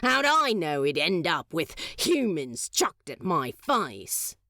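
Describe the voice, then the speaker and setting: A woman's voice: lowish voice, sing-song, slow, sharp tone, no echo, clean studio sound, exaggerated voice. A woman voicing a wry, sardonic male demon sea serpent who cackles and snaps in a casual drawl in a fan fiction audiobook. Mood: grumbling.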